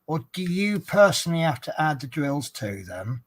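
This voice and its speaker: A man's voice: on the high side, sing-song, normal speed, hardly any pauses. A man chatting casually while doing a craft hobby at home, joking at his own expense and asking viewers questions. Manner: chatty, self-deprecating joker. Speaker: vlogger, coach driver. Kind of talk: relaxed craft vlog chat.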